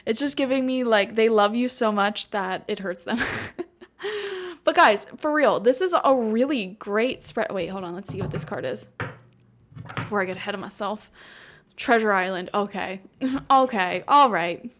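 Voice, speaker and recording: A woman's voice: mid-range voice, normal speed, fairly bright tone. A woman giving a casual tarot reading to her viewers, chatty and laughing often, with lots of "like" and "you know". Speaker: tarot reader. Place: home room with a cat.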